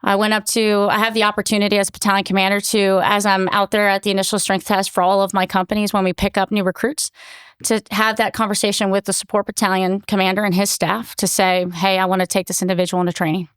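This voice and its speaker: A woman's voice: mid-range voice, clean tone, dry recording. A middle-aged woman, a military commanding officer, telling stories earnestly in an interview with many fillers. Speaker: battalion commanding officer, guest. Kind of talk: conversational interview storytelling.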